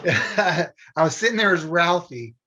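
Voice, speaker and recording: A former theme park train show performer casually shares stories about his old show, laughing often. His fairly high voice is animated, unhurried, pushed, and bright, though the recording sounds dull and lo-fi.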